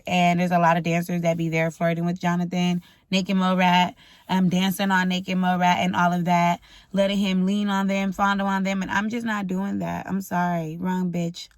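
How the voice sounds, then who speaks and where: A woman's voice: lowish voice, no room sound, studio quality. A young woman telling a storytime vlog, blunt and profane, venting frankly. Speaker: vlogger. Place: indoors at home, ring light.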